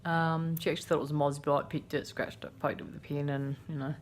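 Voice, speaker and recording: A woman's voice: deep voice, little pitch movement, fast talker, a little hiss or hum. A woman in her thirties with an Australian accent, casually narrating a daily vlog from her home kitchen in a rambling, chatty way. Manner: chatty, rambling, many fillers. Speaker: vlogger.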